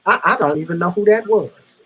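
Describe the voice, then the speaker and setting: A man hosting a casual wrestling review chat with loud, playful banter. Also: high voice, fairly quick, poor audio.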